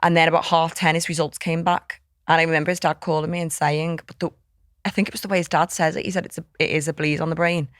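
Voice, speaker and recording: Fast-talking woman telling her story. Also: deep voice, flat delivery, no echo, clean studio sound. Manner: heartfelt, tumbling recollection full of quoted speech. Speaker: podcast guest. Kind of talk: candid personal storytelling in an interview.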